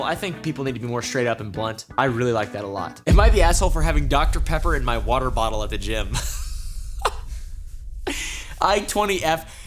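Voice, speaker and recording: A young man hosting a comedic reaction video, reading posts aloud and ranting bluntly with lots of swearing and sarcasm. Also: medium pitch. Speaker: online reaction video host.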